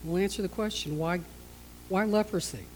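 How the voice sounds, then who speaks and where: A woman's voice: normal speed, poor audio. Lady pastor giving a sermon, acts out the bible scenes, bit of hum in the background. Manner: storytelling, acting out scenes with shifts in pitch and loudness.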